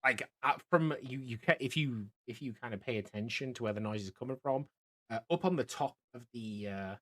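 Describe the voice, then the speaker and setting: A man's voice: medium pitch, fairly quick, a bit bright. A man narrating a tabletop game as game master, rambling with many fillers and restarts.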